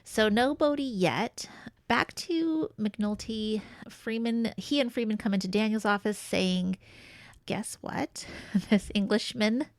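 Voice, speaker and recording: A woman co-hosting a podcast, casually recapping a TV episode with quick asides. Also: mid-range voice, no echo. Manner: chatty, recounts scenes with quick asides and laughs. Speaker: podcast co-host.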